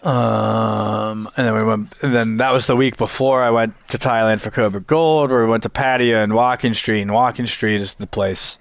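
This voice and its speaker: A man's voice: fairly low pitch, steady tone, normal speed, vocal fry, hardly any pauses, no echo. A man telling a long story in casual chat, rambling and swearing, laughing often as he goes.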